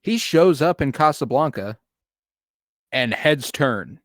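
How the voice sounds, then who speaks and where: A man's voice: medium pitch, animated, takes it slowly, no echo, studio quality. A man co-hosting a podcast, chatting casually and opinionatedly about a movie, swearing now and then with plenty of ums. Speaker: podcast co-host. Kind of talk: casual movie review chat.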